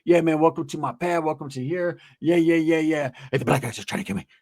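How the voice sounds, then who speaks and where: Guy doing a spaced-out paranoid rapper voice, low mumbly drawl, laid-back then weird. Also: fast talker, gravelly, darkish tone, dry recording, studio quality. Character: erratic paranoid young male rapper, drifting and unpredictable.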